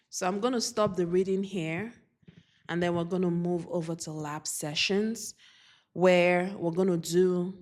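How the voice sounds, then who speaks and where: Woman card reader, low pitch, slow unhurried pace, earnest repeated affirmations. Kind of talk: oracle card reading to camera.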